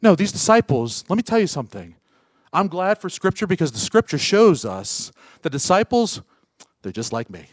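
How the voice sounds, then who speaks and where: A man preaching a sermon as pastor, firing rhetorical questions at the congregation and swinging from loud urgent peaks to soft hushed asides. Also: sits high, sing-song, normal speed, no room sound.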